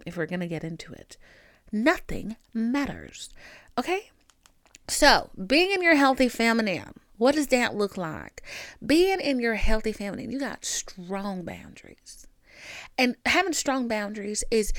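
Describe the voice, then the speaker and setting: A woman's voice: on the high side, sing-song, measured pace, a bit bright, no echo, studio quality. A young woman with a Southern country accent hosting a podcast, talking straight to the listener in a sassy, emphatic way. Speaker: podcast host. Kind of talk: casual advice monologue.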